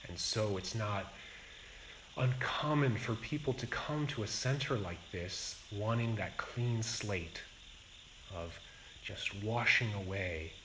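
A man as a Zen teacher giving a dharma talk, speaking in a slow and reflective way with pauses. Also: sits low, noisy background.

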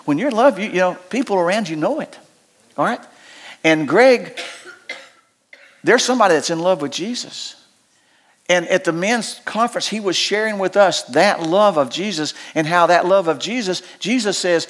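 A male pastor delivering a sermon in a notably high voice. He speaks in a folksy, homespun way, repeating key phrases and rising into impassioned stretches. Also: expressive, moderate pace, a bit bright. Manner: folksy, repetitive, builds to impassioned peaks.

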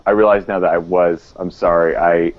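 A man's voice: deep voice, flat delivery, moderate pace, highs cut off, a crowd in the background. A man improvising comedy with fumbling, awkward delivery and sudden silly outbursts.

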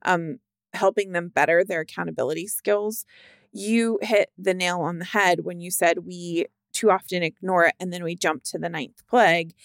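A female podcast co-host speaking emphatically in casual conversation, fond of vivid phrasing. Her voice sits a little low for a woman. The sound is dry, with no room echo. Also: fairly even intonation, normal speed. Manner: emphatic, colorful turns of phrase. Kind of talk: casual advice chat.

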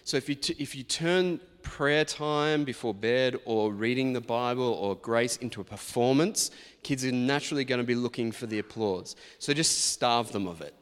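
A man's voice: mid-range voice, normal speed, few pauses, clean tone. A man in his forties, a pastor giving a sermon in a chatty, anecdotal storytelling manner. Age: 40s. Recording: long reverb of a large hall.

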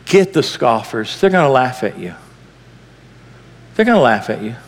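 A man preaching a sermon as pastor, impassioned, swinging between loud bursts and hushed lines. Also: medium pitch, big pitch swings, moderate pace, long reverb tail.

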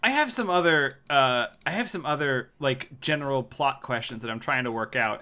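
A man's voice: mid-range voice, lively intonation, normal speed, bright, forceful tone. A man co-hosting a podcast, chatting casually about a movie, sarcastic and laughing often as he acts out lines from it. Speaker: podcast co-host. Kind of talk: casual movie-review chat.

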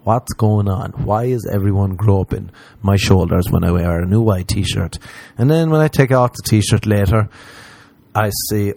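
A man's voice: on the low side, normal speed, creaky, darkish tone. A young Irish man, a comedian hosting a podcast, rambling animatedly from one tangent to the next and swearing freely. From Ireland. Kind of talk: casual rambling monologue.

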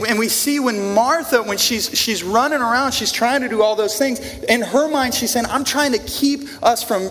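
A man's voice: high voice, fairly bright tone. Man preaching in a reverberant hall. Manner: conversational, repeats words, asks the congregation questions. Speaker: pastor. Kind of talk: sermon. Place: church in front of a congregation. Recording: long reverb of a large room.

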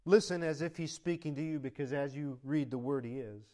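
A male pastor preaching a sermon, swinging from loud, emphatic lines to soft, conversational asides in short repeated phrases. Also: fairly high pitch, brisk.

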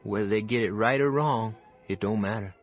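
A man voicing a simple, plain-spoken Southern man telling his life story, in a put-on Southern accent with a slow folksy drawl, as audiobook narration. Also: fairly low pitch, faint music behind. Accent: fake Southern US.

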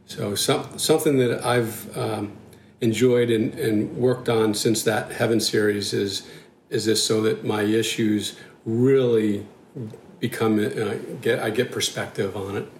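A man who is a church leader, talking thoughtfully in a casual discussion with halting restarts. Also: fairly low pitch, steady tone. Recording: roomy with faint noise.

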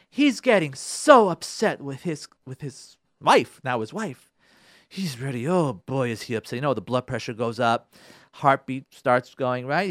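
A man's voice: fairly high pitch, fairly bright tone, no echo, studio quality. A man on a radio show telling a story and giving marriage advice, repeating phrases for emphasis and speaking straight to the listeners. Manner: addresses listeners directly. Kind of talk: storytelling talk on relationships.

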